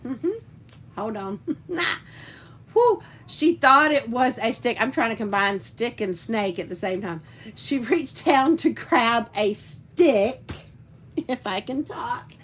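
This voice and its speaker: A woman's voice: on the high side, a bit bright, a little hiss or hum, rough recording. A woman hosting a casual live stream. She chats, reads out viewer comments and tells rambling stories, with frequent laughs. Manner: chatty, rambling storyteller who laughs often. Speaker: livestream host and teacher.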